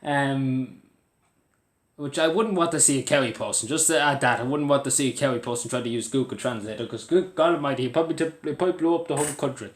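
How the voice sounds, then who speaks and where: Irish man, casual vlogger, earnest and rambling, mid-pitched, roomy echo. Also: fast. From Ireland. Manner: rambling, earnest, with many fillers and restarts. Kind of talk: casual talk to camera.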